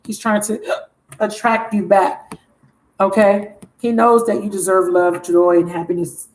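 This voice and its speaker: A woman giving a casual tarot reading in an animated, chatty way, with exclamations and self-interruptions. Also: mid-range voice, unhurried, rough recording. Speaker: tarot reader.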